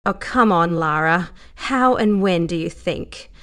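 A brash redheaded young woman, teasing and crude, who sounds easy and sure of herself, as a woman reads her part. Her voice sits a bit low. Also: expressive, a little slow, a bit bright.

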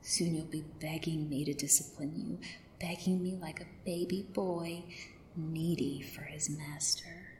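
A woman speaks in a whispered role-play, slipping between a hushed, commanding soft voice and breathy whispers. Her delivery is very slow and unhurried, set fairly low. The recording carries a noticeable roomy echo with a faint hiss behind it. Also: steady tone.

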